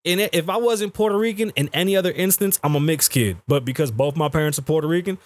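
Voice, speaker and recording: A man's voice: on the high side, quick pace, no room sound. A man ranting as a podcast host, telling stories in a heated and profane way. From the Bronx, New York. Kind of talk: casual podcast rant.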